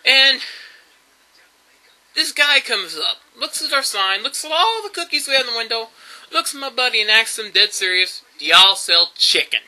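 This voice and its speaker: Animated bright-voiced man. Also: very high voice, normal speed, poor audio. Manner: rambling storytelling with fillers and laughs. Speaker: YouTube vlogger. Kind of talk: casual vlog monologue.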